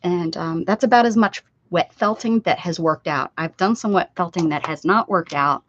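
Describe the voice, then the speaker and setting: A woman's voice: fairly low pitch, moderate pace. Older woman, craft-stream host, rambling friendly chat with viewers, slightly dull lo-fi sound. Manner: chatty, reads chat aloud and answers viewers. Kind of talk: casual livestream chat. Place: home craft room at a desk.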